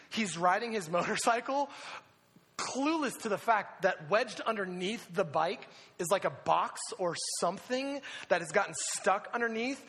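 Animated youth pastor, high bright voice. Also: male voice, husky, long reverb tail. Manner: animated storyteller, bursts into loud excited shouts. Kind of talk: sermon with a story.

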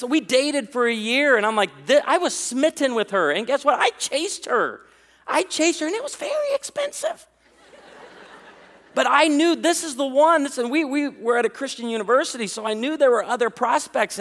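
A man in his thirties preaching a sermon, telling stories with jokes in an animated way. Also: high-pitched, long reverb tail. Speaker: pastor.

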